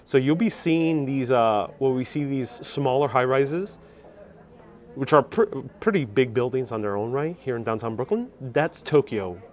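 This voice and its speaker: Touring a skyscraper observation deck live, a man chats casually and reads viewer comments as they come in. His mid-range voice is a little mellow, captured on a wireless clip-on mic with a gimbal-mounted phone.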